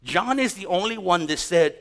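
A man teaching a Bible class as a pastor, telling stories with animated storytelling and acting out encounters. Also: high-pitched, moderate pace, creaky. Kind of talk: sermon.

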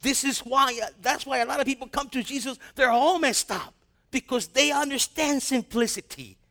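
High-voiced preaching man. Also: normal speed. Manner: lively, acts out dialogue, slangy asides. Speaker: pastor. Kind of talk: sermon with scripture reading.

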